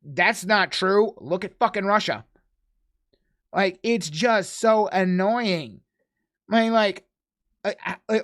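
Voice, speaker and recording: An American streamer ranting angrily into a desk microphone while reacting to a video, cursing freely and swinging between loud outbursts and low mutters. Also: female voice, slow pace, long pauses. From United States. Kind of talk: angry casual rant.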